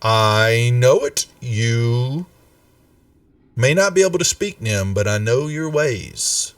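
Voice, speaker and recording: A man voicing a stern, motherly woman who scolds her wayward ward slowly and firmly. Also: medium pitch, animated, no room sound, far from the mic. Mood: earnest scolding. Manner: slow, firm, scolding.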